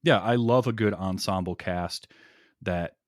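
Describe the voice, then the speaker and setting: Low-voiced man gushing about old movies. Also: a little slow, no room sound, studio quality. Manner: enthusiastic, laughs often, restarts sentences. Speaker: podcast guest. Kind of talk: casual movie podcast chat.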